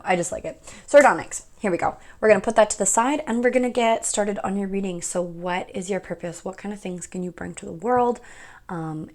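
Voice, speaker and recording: Young woman, tarot reader, casual pick-a-card reading, rambling and laughing, mid-pitched voice. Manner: chatty, rambling, often laughing.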